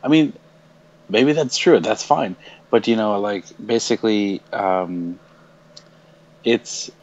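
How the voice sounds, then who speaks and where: A man's voice: lowish voice, a little mellow, muffled recording. A man co-hosting a casual stream show, talking in a hesitant, hedging way. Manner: hesitant, measured, lots of hedging. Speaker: co-host.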